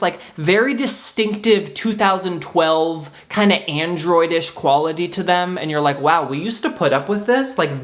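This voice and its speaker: A man in his late twenties, a YouTuber, talking in a comedic vlog style with lots of asides and sudden silly voices. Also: high-pitched. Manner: animated, jumps between silly put-on voices and asides.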